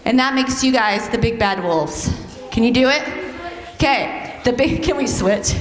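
High-voiced woman telling children a story. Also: measured pace. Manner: animated, coaxing, leads children in call-and-response. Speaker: children's church teacher. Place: church sanctuary. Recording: echoey hall, heard from some distance.

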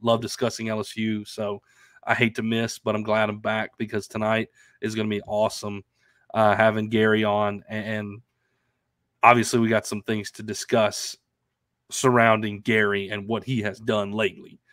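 Using a remote stream mic at home in Arkansas, a man co-hosts a casual sports talk stream, his fairly low, slightly bright voice delivered completely flat at normal speed. Even so, he's upbeat and chatty with many fillers, sounding nasal and stuffy from allergies. The recording is dry with clean studio sound.

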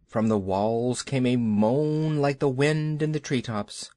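A man reading a children's audiobook as narrator, unhurried and expressive. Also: mid-range voice, no echo. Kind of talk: scripted storybook narration.

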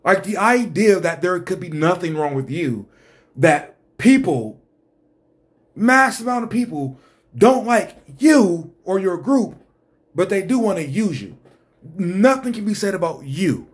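A man's voice: high-pitched, sing-song, measured pace. A man hosting an exasperated ranting commentary, blunt and profane. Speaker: host.

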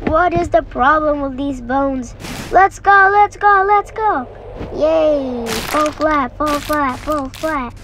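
Woman gamer, sick, high voice, unhurried rambling let's-play chatter. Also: a little hiss or hum, poor audio. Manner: rambling, excitable, repeats phrases.

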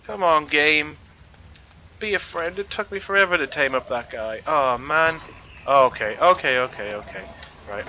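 A man giving excitable let's play commentary, shouting at the creatures in his game. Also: fairly high pitch, moderate pace, slight background noise. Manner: excitable, talks at the game creatures, frequent exclamations. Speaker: gaming channel host.

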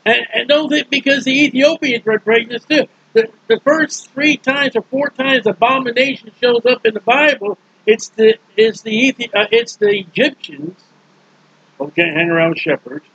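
A man preaching in a casual Bible teaching style, folksy and joking, acting out characters in quick asides. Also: very high-pitched, a bit bright, breathy edge, no echo, lo-fi sound.

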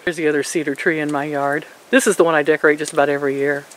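A woman's voice: deep voice, fairly even intonation, very fast, rough recording. An older woman chatting casually to her viewers from home in a folksy way, laughing often and talking to her pets. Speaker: vlogger. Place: home, indoors and out in her yard.

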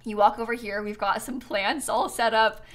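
A woman's voice: on the high side, steady tone, normal speed. A woman chatting casually to viewers on a live game stream, bubbly and giggly, a bit tired and yawning.

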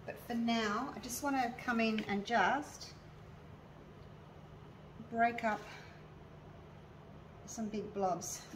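This Australian resin artist talks her viewers through a casual craft demo, chatty and narrating every step as she works. Her voice is on the high side, slow, with long pauses. The low-quality recording places her a bit away from the mic over a faint hiss.

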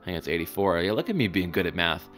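A man giving excitable, joking live commentary over gameplay, with sudden high-pitched exclamations. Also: fast talker, faint music behind. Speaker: gaming channel host.

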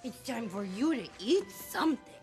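An actress playing an anxious, bossy young wife who frets and scolds in quick bursts. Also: female voice, a little high, lively intonation, over music, lightly acted. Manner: rapid, fretting, scolding. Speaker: wife and mother.

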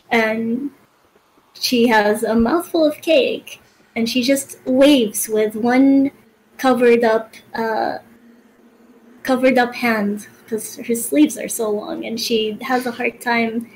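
A woman game master slowly describing a scene, with frequent hesitations. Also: on the high side, slight background noise, low-quality recording. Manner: slow, hesitant, with fillers.

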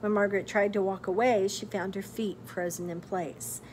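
A woman's voice: mid-range voice, steady tone, moderate pace, a little mellow, slight background noise. A woman reading a story aloud expressively, now and then stopping to quiz her listeners.

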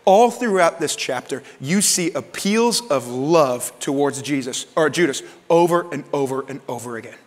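A man preaching a sermon as pastor in a conversational way, acting out quoted lines in lively voices. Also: a little high, moderate pace, hardly any pauses. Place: church sanctuary. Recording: long reverb of a church hall.

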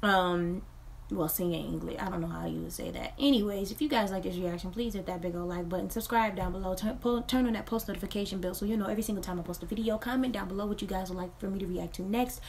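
A woman's voice: mid-range voice, steady tone, fast, gravelly, a little mellow, a little hiss or hum. A woman hosting a casual reaction vlog, talking to her viewers in a chatty, upbeat way. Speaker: reaction channel host.

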